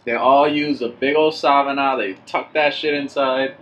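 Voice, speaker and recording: A man's voice: mid-range voice, steady tone, normal speed, a bit bright. A man chatting casually, chiming in with laughs and retelling stories from work. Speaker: podcast co-host. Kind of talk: casual chat. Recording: dull lo-fi sound with faint hiss.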